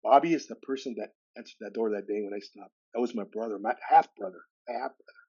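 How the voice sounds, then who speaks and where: A man in his sixties, a podcast guest from California, telling a personal story with animated delivery. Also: on the low side, fast, husky, dull audio. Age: 60s. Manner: animated storyteller who acts out dialogue with shifting voices.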